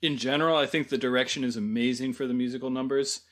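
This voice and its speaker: A man co-hosting a film podcast, adding points and gently pushing back in casual chat. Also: mid-range voice, steady tone. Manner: measured, adds points and gently pushes back. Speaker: podcast co-host.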